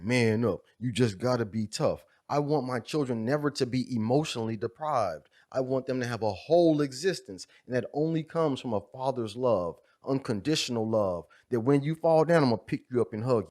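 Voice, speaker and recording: A man delivers an impassioned, preacher-like monologue, leaning on repeated refrains. His voice sits at an ordinary middle pitch. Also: darkish tone. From USA. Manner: fervent, preacher-like, repetitive refrains. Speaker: video creator speaking on fatherhood.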